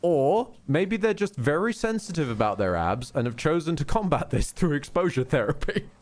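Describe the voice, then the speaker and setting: A man's voice: fairly high pitch, big pitch swings, darkish tone. A man chatting casually and joking on a game livestream. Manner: joking, quick asides. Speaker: gamer on a livestream.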